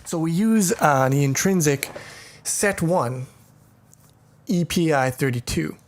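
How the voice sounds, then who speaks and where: A man's voice: on the high side, animated, takes it slowly, a little hiss or hum. A man giving a casual programming tutorial, explaining step by step with irreverent jokes and profane asides. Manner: thinks aloud with fillers and restarts. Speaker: programming teacher.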